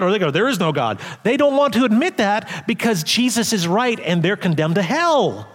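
A man preaching a sermon as pastor, animated, acting out quoted voices loudly and dropping to quiet asides. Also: high-pitched, quick pace. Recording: long hall reverb.

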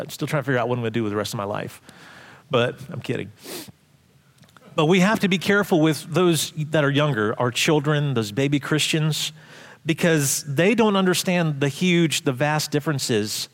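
Man, pastor, sermon, lively, joking, fairly high voice. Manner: lively, joking storyteller with frequent restarts.

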